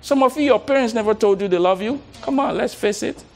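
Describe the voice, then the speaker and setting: A man giving a motivational talk to a live audience as a coach. He is animated, laughs often, repeats words and coaxes the crowd to join in. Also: high-pitched, fairly quick, gravelly, soft background music.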